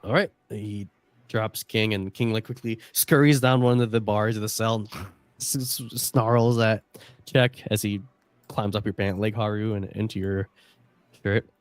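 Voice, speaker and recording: A man's voice: on the low side, fairly even intonation, unhurried, no echo. A man running a tabletop role-playing game as game master, narrating in a loose, chatty way.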